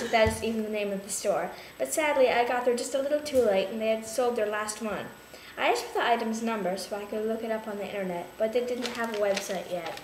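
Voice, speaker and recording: A woman in a writing group reading a story aloud softly, amused as she reads the dialogue. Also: fairly high pitch, fast, few pauses. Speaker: creative writing group member. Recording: echoey room, background noise.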